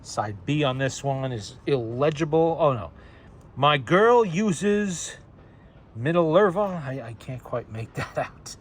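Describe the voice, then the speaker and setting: A man's voice: medium pitch, normal speed, hardly any pauses, slightly rough. A man collector casually chatting through a phonograph demonstration, chuckling as he goes. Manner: chatty, chuckles at his own remarks.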